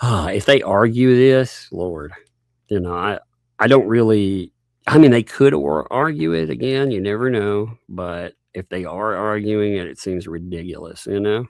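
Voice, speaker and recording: A man's voice: fairly low pitch, a little slow, gravelly, no echo, studio quality. A man hosting a casual livestream, reading legal documents aloud and joking between lines. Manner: reads court documents aloud with frequent laughs and asides. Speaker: livestream host.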